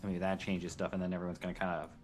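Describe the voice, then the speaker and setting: Low-voiced man playing his character. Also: little pitch movement, rapid-fire, darkish tone, soft background music. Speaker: player. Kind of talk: in-character tabletop role-play.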